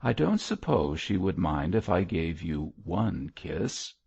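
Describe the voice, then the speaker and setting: A man voicing a lively, teasing young army captain in an audiobook, talking in a playful bantering way. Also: sits low, slow, vocal fry, husky, muffled recording, heavily acted.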